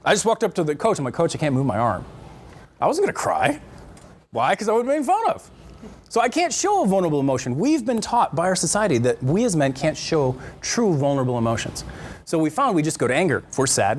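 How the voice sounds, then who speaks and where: A middle-aged male counselor lecturing a church marriage class with a fairly high voice. His pitch swings widely as he jokes and acts out little voices, and a faint hiss sits behind him. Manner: animated and joking, acts out quotes in voices. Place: church classroom with a live group.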